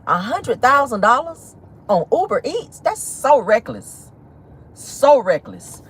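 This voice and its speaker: A woman's voice: fairly high pitch, big pitch swings, normal speed, husky. A young adult woman hosting a celebrity gossip talk, sassy and slangy in casual commentary.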